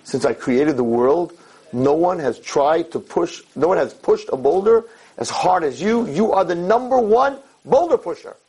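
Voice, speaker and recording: A man voicing God as calm and encouraging in a spoken parable. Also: a little high, a little slow, husky, voice pushed up, low-quality recording. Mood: reassuring. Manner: calm, reassuring.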